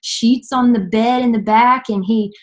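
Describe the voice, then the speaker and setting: With a fairly high, even-toned voice, this young Nashville woman earnestly recounts her testimony, stumbling through frequent fillers and false starts.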